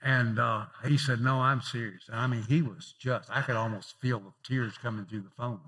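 A male pastor preaching a sermon in a conversational way, telling personal stories and swinging from emphatic lifts to softer asides. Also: medium pitch, fairly even intonation, moderate pace, husky. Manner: rising emphatic openings then dropping softer.

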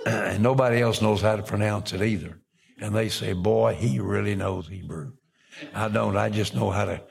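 Gravelly older male preacher. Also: on the low side. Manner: reads scripture aloud, breaks off for folksy asides. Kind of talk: sermon.

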